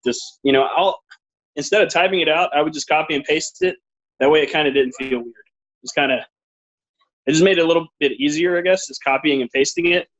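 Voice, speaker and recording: A man's voice: on the high side, a little fast, fairly bright tone, lo-fi sound. A man in a casual video call chat, talking hesitantly with many fillers. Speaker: course member.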